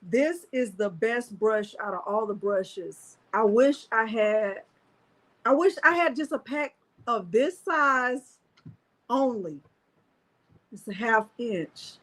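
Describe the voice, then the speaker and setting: A woman hosting a live crafting tutorial, talking straight to her viewers in an animated, exclamatory way. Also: on the high side, takes it slowly.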